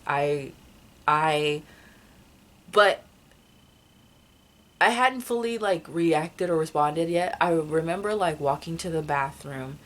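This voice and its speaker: A woman's voice: deep voice, measured pace. A young woman telling a personal story in a casual vlog, rambling with many fillers and restarts. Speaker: vlogger.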